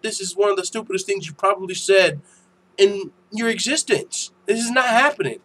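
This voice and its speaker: A young man hosting a casual MMA news channel, ranting in a profane, animated way that turns heated and loud. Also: high-pitched, rough recording. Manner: profane, animated, quick to get heated and shout.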